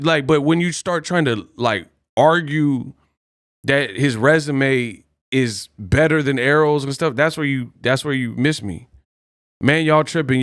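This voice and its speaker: A man's voice: medium pitch, fairly bright tone, dry recording, clean studio sound. A man hosting a boxing live stream, ranting boastfully and taunting his chat with repeated challenges. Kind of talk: heated live stream rant.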